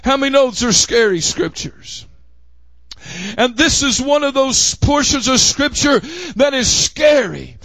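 A man with a Southern accent preaching a fiery sermon as pastor of his church, often shouting. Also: very high voice, unhurried, no echo. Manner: impassioned preaching, frequent shouting. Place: church sanctuary.

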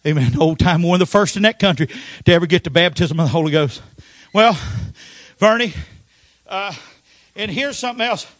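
An older man preaching a Pentecostal sermon, telling folksy stories with frequent amens and sudden shouted outbursts. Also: high voice, lively intonation, normal speed, dry recording, clean studio sound.

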